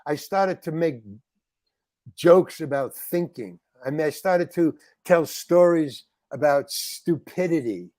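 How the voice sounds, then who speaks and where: A man's voice: a little high, takes it slowly, dry recording. A man guest telling a rambling story in a podcast chat, voice sitting a little above the usual male range. He keeps restarting his sentences and jumps into other people's voices as he quotes them. The sound is close and dry, with no room around it. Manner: animated, acts out other people's lines in quotes, frequent restarts. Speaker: interview guest, actor.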